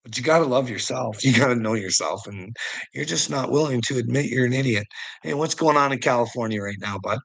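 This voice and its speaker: Man, middle-aged, livestream host, gravelly, husky, rambling, teasing, laughs a lot. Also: mid-range voice, brisk, fairly bright tone, low-quality recording. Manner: rambling, teasing, laughs often, swears casually. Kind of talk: casual livestream chat answering viewers.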